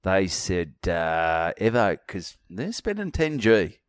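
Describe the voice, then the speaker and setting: A middle-aged Australian man co-hosting a podcast, telling stories in a casual, animated way and swearing often. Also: low-pitched, slow pace, smooth, dry recording. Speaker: podcast co-host. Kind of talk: casual chat.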